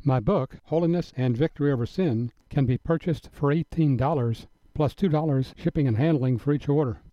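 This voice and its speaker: A man delivering a scripted radio Bible teaching in a measured, earnest and emphatic manner. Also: mid-range voice, mellow, dry recording. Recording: dry, dull lo-fi broadcast audio.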